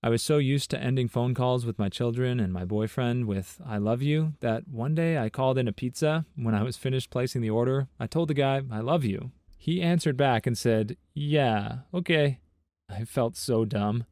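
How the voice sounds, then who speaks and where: A man narrating a compilation of internet stories and comments in a steady, even read-aloud manner. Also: mid-range voice, normal speed, hardly any pauses, dry recording, clean studio sound. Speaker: narrator of online story compilations.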